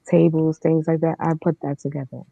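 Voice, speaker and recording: A woman appears as a podcast guest to tell her own story, candid and matter-of-fact, with casual fillers. Her voice sits low, is creaky and mellow, with a level tone and a slightly fast pace. There's no room sound, but the remote streaming setup gives it a dull, lo-fi online quality.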